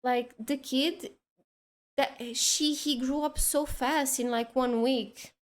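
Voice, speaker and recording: Speaking slowly in a high-pitched voice, a woman chats casually while drawing on stream. She tells lively stories about the children she teaches, voicing each of them.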